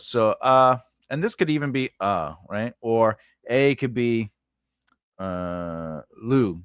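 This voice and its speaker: Slow, rambling male teacher. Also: mid-range voice, lively intonation, clear, resonant tone, no room sound, clean studio sound. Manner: rambling, self-correcting, checks in with "right?". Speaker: writing teacher. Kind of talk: casual whiteboard lesson.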